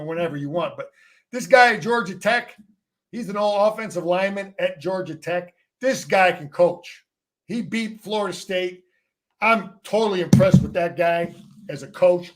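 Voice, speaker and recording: This is a middle-aged man with a fairly high voice who has coached and played the game. He talks sports casually and with force, tripping over his own restarts and throwing in a mild curse to make a point. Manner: emphatic, repeats words and restarts, salty. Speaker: former player and coach, guest.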